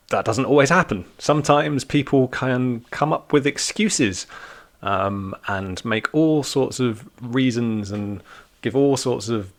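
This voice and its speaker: Man, youth sermon, conversational, joking, teacherly, mid pitch. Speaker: youth church speaker. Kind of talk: informal sermon talk for young people.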